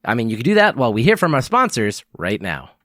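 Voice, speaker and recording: A man's voice: mid-range voice, wildly swooping pitch, fast talker, a bit bright, no echo, clean studio sound. A man from Canada hosting a podcast, chatting casually about wrestling, laughing often and rambling into asides. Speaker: podcast host. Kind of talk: casual wrestling review chat.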